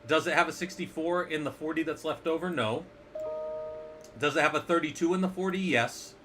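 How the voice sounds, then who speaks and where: A man's voice: fairly high pitch, a little fast, music in the background. A man teaching a casual screen-share lesson as an instructor, playful and jokey, often asking the viewers questions.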